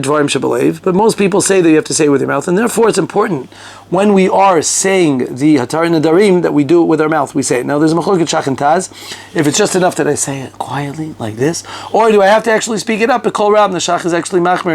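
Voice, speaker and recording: A man teaching a conversational halacha lesson, animated and talkative, mixing Hebrew and Yiddish terms into his English. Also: on the high side. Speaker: Torah teacher.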